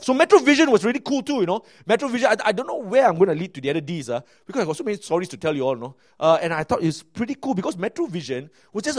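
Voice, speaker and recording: Animated Malaysian English-speaking male pastor. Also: high voice. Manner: animated, chatty, frequent filler words and restarts. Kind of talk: sermon storytelling.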